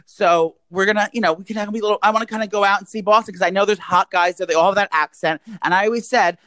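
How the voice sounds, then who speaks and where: A man's voice: sits high, steady tone, fast talker, a bit bright, smooth, no room sound, rough recording. A young man co-hosting a podcast, talking in a crude, joking, rambling way. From US East Coast. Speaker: podcast co-host. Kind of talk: casual chat.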